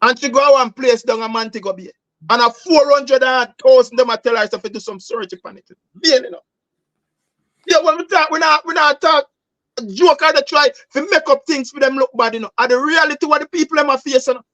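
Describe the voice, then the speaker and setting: A man's voice: extremely high pitch, a little fast, sharp tone, no echo. Fired-up Jamaican man ranting on politics. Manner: passionate, emphatic, mixes patois, repeats "bro". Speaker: political talk show host. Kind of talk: heated political commentary.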